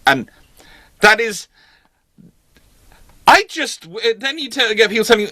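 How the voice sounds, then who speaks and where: A man hosting a history channel, chatting casually with a guest and acting out quick voices in his stories. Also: high voice, no echo. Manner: animated, acts out voices in anecdotes. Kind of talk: casual conversation.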